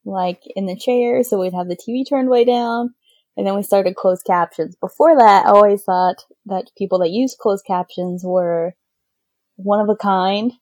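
A woman's voice: medium pitch, normal speed, a little mellow, no echo. Talkative, teasing woman guest, dry and close. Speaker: podcast guest. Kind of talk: casual podcast chat.

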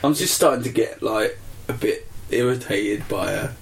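A man's voice: on the low side, normal speed, creaky, a little hiss or hum, low-quality recording. A man co-hosting a podcast in casual chat, laughing often and swearing freely. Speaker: podcast co-host.

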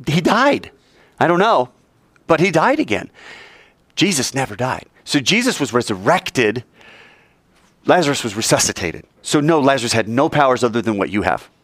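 A man teaching about the Bible and taking questions, playful and animated, acting out scenes with little sound effects. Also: medium pitch, normal speed, long pauses, dry recording.

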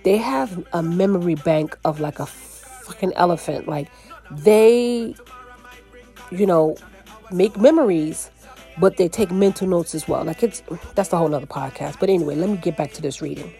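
A woman giving a casual, chatty podcast card reading, talking in an animated way and often checking in with "right?" and "you know". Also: lowish voice, moderate pace, soft background music. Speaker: tarot card reader.

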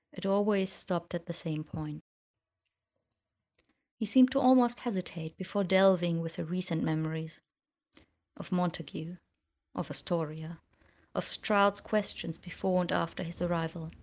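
Woman narrator, audiobook, fiction, low voice, measured, subdued. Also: darkish tone.

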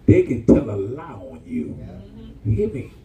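A man preaching a sermon, animated and colloquial, calling out to the congregation. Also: fairly low pitch, measured pace, echoey room, far from the mic, muffled recording.

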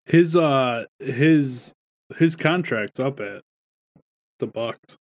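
A man's voice: mid-range voice, very slow. Young man, podcast co-host, home stream, blunt, profane, storyteller. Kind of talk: casual chat.

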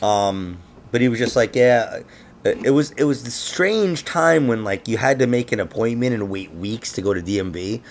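A man's voice: medium pitch, animated, normal speed, few pauses, a little hiss or hum. A man hosting a casual conspiracy podcast, rambling and laughing, with frequent swearing. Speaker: podcast host.

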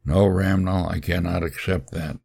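A man's voice: sits low, fairly even intonation, moderate pace, creaky, breathy edge, exaggerated voice. A man voicing a humble, earnest male missionary in a spoken religious story. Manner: earnest, gentle pleading.

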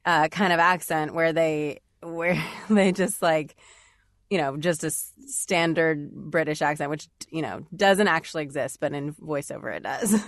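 A woman voice actor and demo writer, a guest on a podcast, chats casually in a low-pitched, slightly slow voice. Her talk is packed with "like"s and frequent laughs, and the recording has no room sound.

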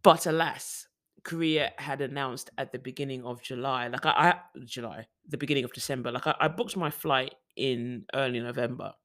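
A young man from the UK chats casually to camera in a personal vlog. He rambles, restarts his sentences and leans on fillers, with a voice of ordinary pitch. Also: moderate pace, fairly bright tone. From United Kingdom. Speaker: vlogger.

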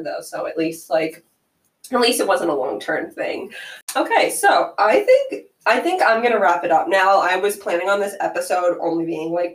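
Chatty young woman podcaster, echoey room. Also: mid-range voice. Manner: chatty, filler-heavy with frequent "like". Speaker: podcast host. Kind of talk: casual storytelling chat.

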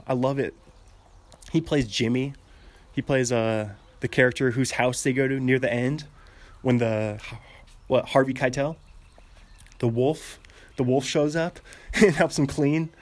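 A young man talks in a casual podcast monologue at a middle pitch. He rambles from thought to thought, laughs often, and keeps restarting his sentences.

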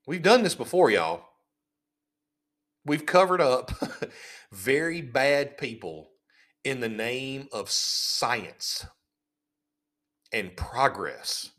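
A podcast host rants with indignant sarcasm. His pitch swings widely up and down, and he stumbles over repeated words while he keeps building his point. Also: very animated, extremely slow, long pauses, fairly bright tone. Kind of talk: casual ranting commentary.

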